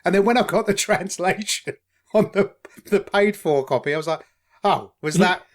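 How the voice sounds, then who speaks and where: Animated East man chatting. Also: high-pitched, normal speed. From East London. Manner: animated, swears freely, laughs often. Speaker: podcast co-host. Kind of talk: casual chat.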